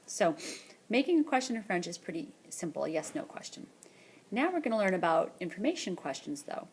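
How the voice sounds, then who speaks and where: A woman teacher narrating a screencast lesson, explaining patiently and repeating French words slowly for practice. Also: on the low side, big pitch swings, darkish tone, husky. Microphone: tablet or headset mic for screencast voice-over.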